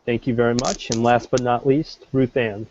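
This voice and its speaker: A man's voice: mid-range voice, little pitch movement, moderate pace, darkish tone, slight background noise. A man moderating a panel discussion, polite and formal in manner. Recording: muffled lo-fi recording.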